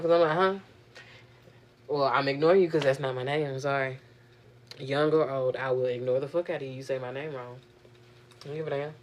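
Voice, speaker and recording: A young woman vlogging, venting in a profane, animated, exasperated way. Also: sits low, a little hiss or hum. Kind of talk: casual venting monologue.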